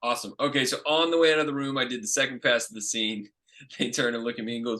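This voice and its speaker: Bright-voiced young man telling stories. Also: medium pitch, fast talker. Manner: animated, acts out quoted lines. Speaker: actor and host. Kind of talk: casual storytelling chat. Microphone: video call.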